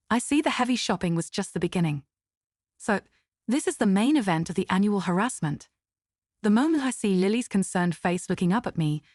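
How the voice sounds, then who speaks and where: A woman narrating a first-person family drama story in an even, steady way. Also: mid-range voice, no echo, clean studio sound.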